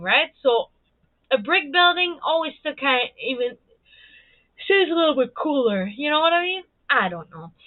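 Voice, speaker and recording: A chatty woman hosts her own livestream, rambling through stories with lots of swearing and easy laughter. Her voice sits a little high. The sound is thin and phone-like, with no room echo at all. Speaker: livestream host. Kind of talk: casual livestream chat. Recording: dry, tinny phone-like sound.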